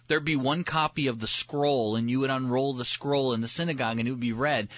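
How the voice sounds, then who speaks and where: A man's voice: medium pitch, dry recording, dull audio. A man hosting a radio show, teaching the Bible in an earnest, conversational way and acting out the quoted lines. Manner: earnest, acts out quoted lines with rising excitement.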